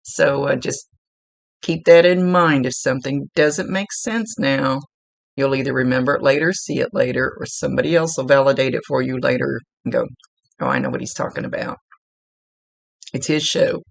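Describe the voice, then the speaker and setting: Gravelly-voiced woman giving a psychic reading. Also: low-pitched, fairly even intonation, normal speed, no room sound. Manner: rambling, searching for words with restarts. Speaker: psychic medium. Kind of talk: spirit reading for a client.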